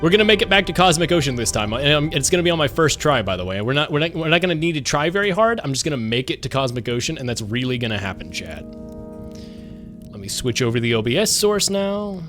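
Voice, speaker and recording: Joking young male streamer, slightly high voice. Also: expressive, racing, hardly any pauses, a bit bright, soft background music. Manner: jokey, rambling, talks to chat. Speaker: game streamer. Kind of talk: casual live-stream chat.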